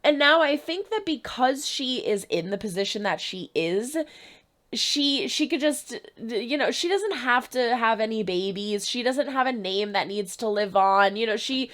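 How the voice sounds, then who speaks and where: A woman talks straight to her viewers, recapping a drama episode in a loose, conversational way. She trips over her words, restarts her sentences, and lets her voice leap upward when something excites her. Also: unhurried. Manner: chatty, restarts often, stresses words with rising pitch. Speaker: reaction video host. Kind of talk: casual spoken recap of a TV episode.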